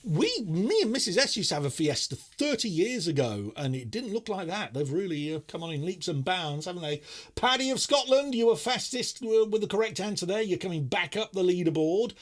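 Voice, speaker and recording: A man's voice: sits high, expressive, brisk. A middle-aged man hosting a live online quiz, reading questions with playful, self-mocking banter.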